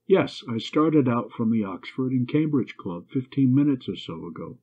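A brisk, good-humored young gentleman from an old story, as a man reads him out. The voice stays close to the reader's own, husky and steady. The recording is narrow and tinny, like a phone line. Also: mid-range voice. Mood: reassuring.

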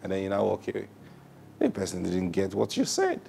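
A man preaching a sermon, laughing often and repeating praise, swinging between loud bursts and hushed, drawn-out phrases. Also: sits low, huge pitch swings, creaky, breathy edge. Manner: laughs often, repeats "Praise God", asks rhetorical questions.

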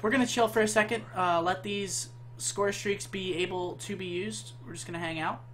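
A young man giving live commentary on his own shooter match, hyped and trash-talking, moving from calm play-by-play to loud outbursts. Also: sits high, moderate pace. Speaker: gaming YouTuber.

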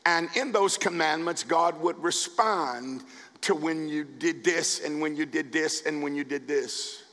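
A male pastor preaching a sermon, building from calm scripture reading to shouted calls to the congregation. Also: fairly high pitch, unhurried, big-room sound. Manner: preaching, rising to shouts with repeated words. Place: church sanctuary.

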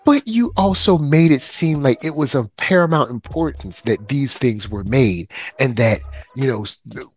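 A man co-hosting a casual chat, talking in an animated way and acting out quoted voices. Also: moderate pace, breathy edge, soft background music. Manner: animated, acts out quoted voices with big pitch jumps. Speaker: podcast co-host.

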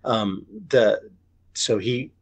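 A man's voice: lowish voice, steady tone, very slow. A man, a novelist, telling a story in a casual podcast interview, rambling with many restarts and repeated words. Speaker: novelist guest.

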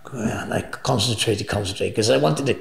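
A man's voice: fairly low pitch, brisk, gravelly. A man in his forties, a podcast guest, telling rambling anecdotes, swearing freely and laughing often. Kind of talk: casual storytelling interview. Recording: roomy echo.

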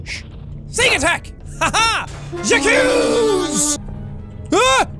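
A man doing loud, goofy commentary while playing a game, excitable and prone to shouting. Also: very high voice, very slow. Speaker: gaming commentator. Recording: game audio and music behind.

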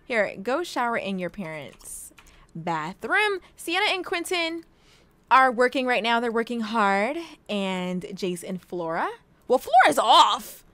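A woman's voice: on the high side, sing-song, slow pace, fairly bright tone, no room sound. A young woman hosting a let's play, giving casual, teasing commentary as she plays and laughing often.

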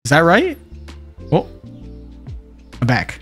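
Playful streamer man with a bouncing pitch. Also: unhurried, pauses often, faint music behind. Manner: playful, jokey, bursts into excited high exclamations. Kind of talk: casual gameplay commentary.

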